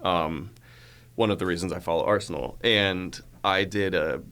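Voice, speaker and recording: Man, audiobook narrator, podcast guest, lower voice, relaxed storytelling, casual. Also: normal speed, smooth.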